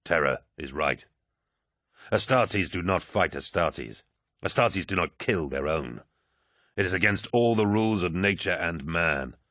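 A man voicing a giant male warrior, speaking gravely and in a measured, low way, as an audiobook character voice. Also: lively intonation, fairly bright tone, dry recording, studio quality, full character voice.

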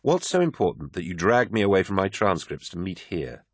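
A man voicing a cheerful, direct woman who teases gently. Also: low-pitched, big pitch swings, a little fast, slightly rough, dry recording, studio quality, exaggerated voice. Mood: teasing.

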